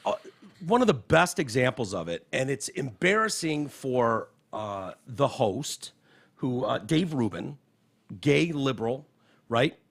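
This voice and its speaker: A male podcast host with a gravelly, rough edge to his voice. He talks fast and animated, with his pitch leaping up and down and a lot of casual swearing. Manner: animated, profane, reads quotes aloud. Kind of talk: casual political chat. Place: podcast studio.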